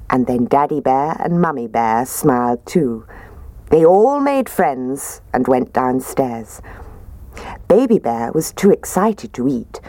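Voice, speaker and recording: A woman reading a children's story aloud in a gentle, expressive way. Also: a bass voice, no room sound.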